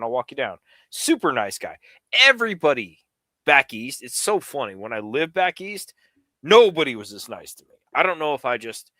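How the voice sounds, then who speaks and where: A dry recording captures a middle-aged man from the New York area with a mid-range voice. He rambles through a long, profane, animated story on a casual livestream.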